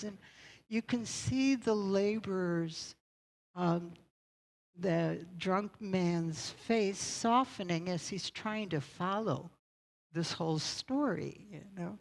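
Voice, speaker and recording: Woman preacher, slow and kinda gravelly, chatty storytelling sermon. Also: on the low side, darkish tone, poor audio. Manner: storytelling, conversational, engages the congregation. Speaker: pastor.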